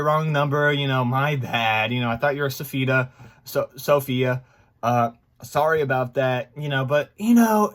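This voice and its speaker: A man in his twenties talking to his viewers in a casual, rambling vlog, excitable and full of fillers. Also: mid-range voice. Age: 20s. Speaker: gaming YouTuber.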